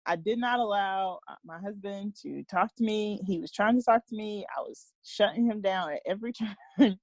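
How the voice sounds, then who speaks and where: A woman guest tells her story in a frank, earnest way during a candid conversation. Her voice sits at an ordinary middle pitch. The audio is dull and lo-fi, with a dry, close sound. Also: moderate pace, a little mellow, no echo. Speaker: interview guest.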